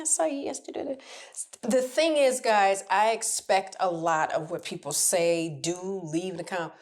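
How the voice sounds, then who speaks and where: A middle-aged woman coach giving advice in a casual talk, her voice pitched a little low. She speaks candidly and with animation, often acting out the people she meets. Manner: candid, animated, laughs and acts out quoted people. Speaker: relationship coach.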